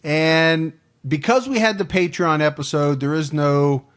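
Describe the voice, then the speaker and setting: A man's voice: on the high side, unhurried, a bit bright, smooth. A man hosting a true crime podcast, reading out supporter names and case facts in a dry, matter-of-fact way. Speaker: podcast host.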